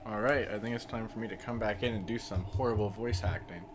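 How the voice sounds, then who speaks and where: A man's voice: lowish voice, fairly even intonation, fast, noisy background. Rambling male game streamer. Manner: rambling, many fillers. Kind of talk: casual live-stream game commentary.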